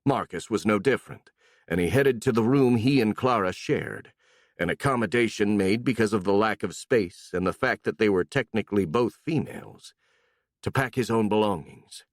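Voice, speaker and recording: Expressive male audiobook narrator. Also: lowish voice, normal speed, no room sound, studio quality. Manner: expressive, voices each character. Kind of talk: scripted fantasy narration.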